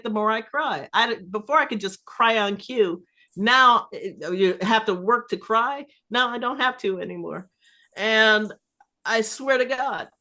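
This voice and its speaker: A middle-aged woman, an improv festival curator, telling stories in a casual podcast interview, animated, laughing and swearing freely. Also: fairly high pitch.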